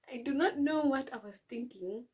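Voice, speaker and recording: A young South African woman telling a dramatic personal story for her vlog, lively and dropping to whispers at the tense parts. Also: high voice, slightly rough. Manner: animated, dramatic, drops to whispers for suspense. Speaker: YouTuber.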